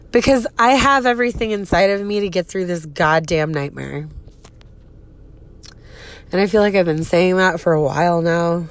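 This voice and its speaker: A woman's voice: on the low side, moderate pace, long pauses. Profane venting woman podcaster. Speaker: podcast host. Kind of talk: casual personal podcast monologue.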